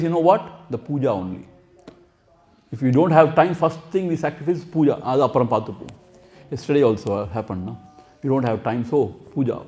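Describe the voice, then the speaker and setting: This spiritual teacher gives a scripture lecture in a slightly high, mellow male voice. He breaks terms down word by word and acts out the quotations.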